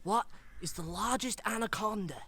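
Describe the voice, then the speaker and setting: A performer playing an excitable male wildlife presenter with a poor put-on Australian accent, filming outdoors in a back garden for a children's show. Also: mid-range voice, normal speed, creaky. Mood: hushed, explaining. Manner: excitable, exclaiming, sudden shouts then hushed. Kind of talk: comic children's wildlife segment.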